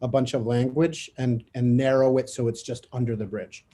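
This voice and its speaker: A man's voice: medium pitch, level tone, normal speed, dark tone. A male committee member explaining an amendment in a casual, joking way.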